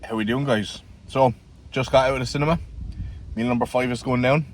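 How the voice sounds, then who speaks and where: A man's voice: medium pitch, fairly even intonation, a little fast, a little hiss or hum. A man with an Irish accent who coaches fitness, chatting casually and upbeat in a vlog and swearing freely. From Ireland. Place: car, home and outdoors.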